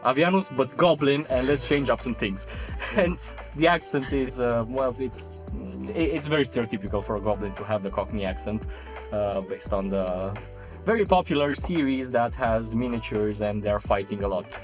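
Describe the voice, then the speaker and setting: Halting man chatting about his game character. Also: fairly low pitch, lively intonation, faint music behind. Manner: halting, many restarts and laughs. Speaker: tabletop game player. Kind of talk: casual panel chat.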